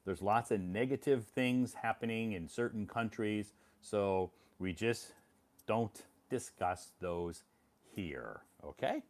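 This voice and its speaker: A middle-aged man from the United States chats casually to viewers of his live stream. His voice sits a little low, and his talk is relaxed and encouraging, often repeating a phrase for emphasis and stopping to answer comments. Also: takes it slowly. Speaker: English teacher hosting a live stream.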